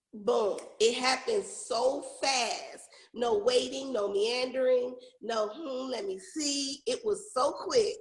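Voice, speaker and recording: A woman guest on a podcast, telling candid stories with animation and frequent laughter. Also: a little high. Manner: animated, laughs often, drops into playful quoted voices. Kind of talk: candid storytelling in conversation. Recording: roomy echo.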